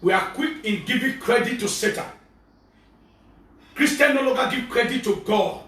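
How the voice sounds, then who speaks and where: Shouting Nigerian preacher in an echoey hall. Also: male voice, very high-pitched, moderate pace. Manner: fervent preaching, often shouting. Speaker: prophet preacher. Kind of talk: sermon. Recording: very echoey, from far off.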